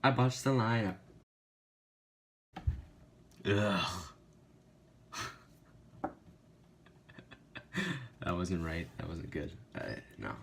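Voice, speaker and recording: A man's voice: low voice, animated, slow pace, long pauses, slight background noise. A young man recording an advice video, stumbling over his script and mocking his own mistakes. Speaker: vlogger filming outtakes.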